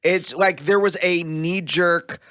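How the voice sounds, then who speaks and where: A man chatting on a comedy podcast, excitable, with quick asides and sudden jumps in his voice. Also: high voice, no echo, clean studio sound. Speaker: podcast guest. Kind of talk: casual comedic conversation.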